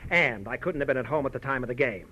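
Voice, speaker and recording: A man's voice: mid-range voice, animated, quick pace, sharp tone, lo-fi sound. A man playing a scheming male swindler who holds a gun, talking in a cold, gloating way in an old-time radio drama. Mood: menacing. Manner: menacing, gloating. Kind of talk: 1940s radio acting.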